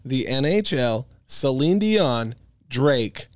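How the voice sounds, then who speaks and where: A man's voice: medium pitch, expressive, takes it slowly. A man co-hosting a podcast in casual chat, riffing with mock seriousness. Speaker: podcast co-host.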